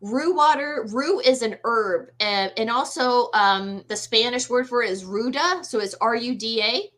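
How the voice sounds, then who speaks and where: A woman's voice: on the high side, moderate pace, rough recording. A middle-aged woman, a medium, casually telling a personal ghost story and acting out the voices in her quotes. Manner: animated, acts out voices in quotes. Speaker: guest medium.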